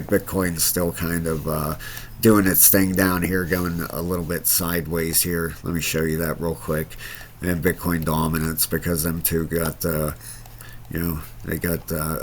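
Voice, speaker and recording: A man's voice: low-pitched, slight background noise. A man hosting his own crypto channel, talking casually through market charts with lots of fillers and restarts. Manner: rambling, many fillers and restarts. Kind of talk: casual screen-share market commentary.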